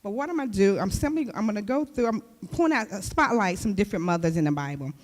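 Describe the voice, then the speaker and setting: Woman church speaker, conversational sermon, lively, pointed questions to the room, long hall reverb. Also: medium pitch, quick pace. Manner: lively, with rhetorical questions to the audience. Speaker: church speaker and youth teacher.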